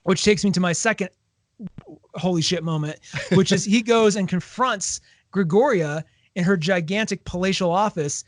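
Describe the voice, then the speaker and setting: Guy on a podcast with a pretty high voice, dry close sound, gets animated doing the quotes. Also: normal speed, no echo. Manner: animated retelling, acts out quoted lines. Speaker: podcast co-host. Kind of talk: casual book club discussion.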